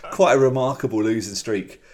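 A man's voice: mid-range voice, big pitch swings, normal speed. A man co-hosting a podcast, chatting casually and rambling a little with fillers as he walks through comic strips. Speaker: podcast co-host. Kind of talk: casual chat.

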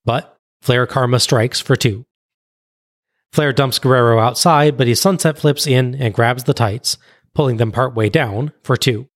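A man on a podcast recapping a wrestling match blow by blow in a brisk play-by-play recounting. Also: mid-range voice, dry recording, clean studio sound. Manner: brisk play-by-play recounting, laughs at own jokes. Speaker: podcast co-host.

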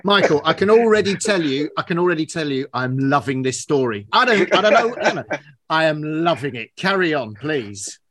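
A man's voice: fairly high pitch, lively intonation, normal speed, a bit bright. A man co-hosting a podcast, asking rambling questions and gleefully ribbing his co-host. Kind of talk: casual podcast interview.

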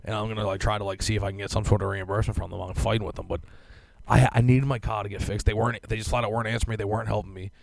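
A young man tells a long, profane complaint on a podcast, words tumbling out quickly. His voice has a gravelly, fried edge. The sound is dry and close. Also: on the low side, flat delivery, no room sound. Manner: ranting, profane storytelling with many fillers. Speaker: podcast co-host. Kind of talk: casual podcast banter.

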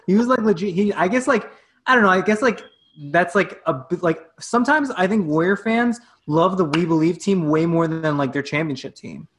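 A woman's voice: on the low side, moderate pace. A woman on a casual sports podcast, telling stories and giving confident opinions. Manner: animated storytelling, confident. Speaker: podcast panelist.

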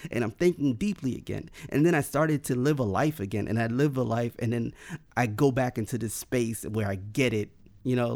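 Gravelly man telling a rambling story. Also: mid-range voice, darkish tone. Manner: rambling, full of "like" and restarts. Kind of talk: casual personal storytelling.

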